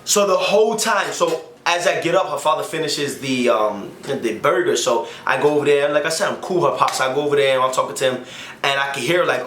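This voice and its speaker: A man's voice: mid-range voice, a little fast. A young man telling a casual story, acting out the quotes in slangy talk. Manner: animated, acts out quotes, slangy. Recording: echoey room with faint noise.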